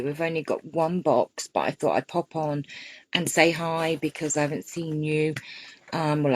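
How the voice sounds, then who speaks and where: Lady chatting on a craft livestream, low voice, slow and easy, bit of faint hiss. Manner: chatty, greets viewers by name, gushes over gifts. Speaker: crafting channel host. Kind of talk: casual live-stream chat.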